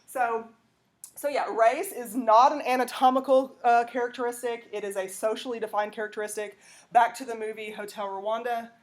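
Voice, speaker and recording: A woman's voice: a little high, fairly even intonation, normal speed. A woman lecturing a classroom, talking conversationally and checking in with "okay?". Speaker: teacher.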